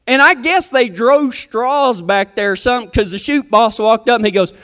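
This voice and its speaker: A man's voice: extremely high pitch, moderate pace, a bit bright, long reverb tail. A man telling a comic story in a folksy, rambling, self-deprecating way.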